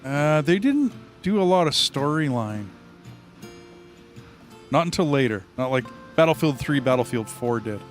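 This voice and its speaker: A tired man hosting a relaxed gaming chat, musing aloud over a headset mic. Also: mid-range voice, measured pace, soft background music. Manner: laid-back, musing aloud. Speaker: gaming channel host.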